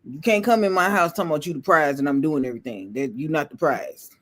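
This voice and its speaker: A man's voice: on the high side, quick pace, fairly bright tone. A man on a podcast panel, playful and blunt, swearing freely in casual banter. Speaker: panel regular.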